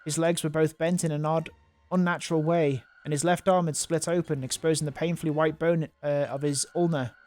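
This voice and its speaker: A man's voice: fairly high pitch, fairly even intonation, fairly quick, darkish tone, faint music behind. A man reading a visual novel aloud, adding offhand, mocking comments and stumbling over words. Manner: casual, mocking asides and stumbles while reading. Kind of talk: reading aloud with casual asides.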